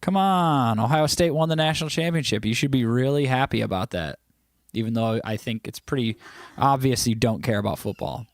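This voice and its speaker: Slightly fast and creaky, this mid-range American man hosts a casual livestream from his home, reading chat out loud in a joking mood and sometimes breaking into song. The audio is clean and studio-like, without room sound.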